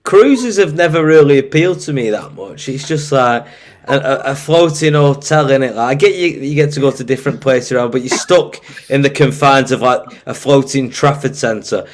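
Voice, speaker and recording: A man's voice: mid-range voice, moderate pace. A man co-hosting a casual podcast chat, blunt and joking as he grumbles about things he dislikes. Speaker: podcast co-host.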